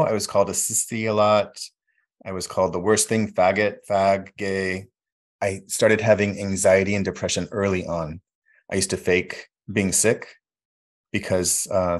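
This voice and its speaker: A man telling his life story reflectively, halting often with fillers. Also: sits low. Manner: reflective, halting with fillers, acts out quoted voices. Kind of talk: personal storytelling.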